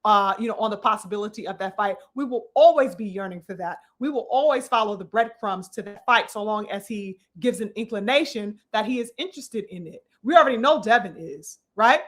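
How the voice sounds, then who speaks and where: A woman's voice: mid-range voice, lively intonation, fairly quick, few pauses. A woman giving emphatic, profane boxing commentary, addressing her audience like a preacher. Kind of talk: opinionated commentary vlog.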